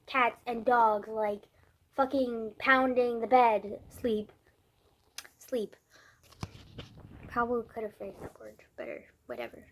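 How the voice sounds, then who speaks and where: A teenage girl telling a story to the camera as a casual rant, with lots of fillers and swearing. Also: on the high side. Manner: swears a lot, many fillers, venting. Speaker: vlogger.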